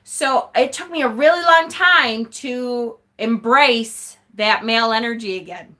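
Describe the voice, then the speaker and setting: A woman chats through a relaxed tarot live stream and reacts to her viewers' comments. She is blunt and swears freely, and laughs and sighs often. Her voice sits a little high, with a sharp, bright tone. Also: unhurried. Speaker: tarot channel host.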